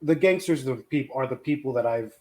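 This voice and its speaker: A man playing a tabletop game, talking in halting starts while describing his character. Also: mid-range voice, darkish tone. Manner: halting, restarts often. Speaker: player. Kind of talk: casual tabletop play.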